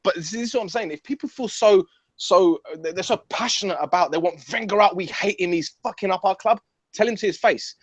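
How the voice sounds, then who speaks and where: A young man arguing about football in a blunt, animated, sweary way, repeating himself as he talks. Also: high-pitched, brisk, no echo. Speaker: football fan pundit. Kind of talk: heated casual football debate. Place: his mum's house. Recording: dull, muffled audio.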